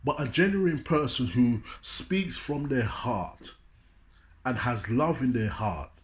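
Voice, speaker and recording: Speaking slowly and expressively at a medium pitch, this man is a street speaker from London with a matching accent. He delivers a motivational talk in a preacher's manner, often dropping in "you know what I'm saying."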